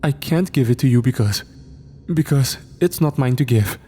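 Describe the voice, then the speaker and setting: A man's voice: medium pitch, animated, normal speed, dark tone, husky, pitched above the performer's own voice. A man voicing a frightened teenage boy who stutters and pleads, in a spoken horror story. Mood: pleading.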